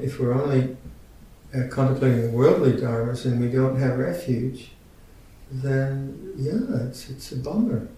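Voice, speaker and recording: Older male teacher in his 60s, mellow tone, unhurried dharma talk, picked up from far off in a big echoey room. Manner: unhurried, halting, gently humorous. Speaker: Buddhist teacher. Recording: very echoey room, mic at a distance, faint rumble.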